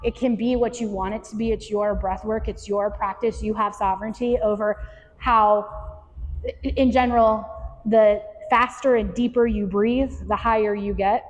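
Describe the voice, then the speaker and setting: A woman hosting a candid talk with a live group, earnest and animated as she explains breath work. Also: mid-range voice, normal speed, in a large hall, a little hiss or hum, rough recording. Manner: earnest, animated, acts out inner voices. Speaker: podcast host and breath work facilitator. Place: room with a small audience.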